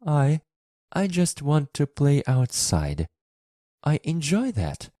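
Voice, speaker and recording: A man voicing a lonely, eager young girl in a storybook reading for English learners, with a high, pleading girlish voice. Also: wildly swooping pitch, takes it slowly, dark tone, no room sound, studio quality, full character voice.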